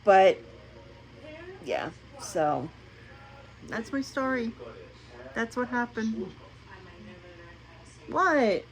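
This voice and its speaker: A woman's voice: a little high, very animated, extremely slow, long pauses, rough recording. A middle-aged woman, telling a long personal story to the camera in a chatty, rambling way with many restarts. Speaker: vlogger. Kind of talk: casual storytelling vlog.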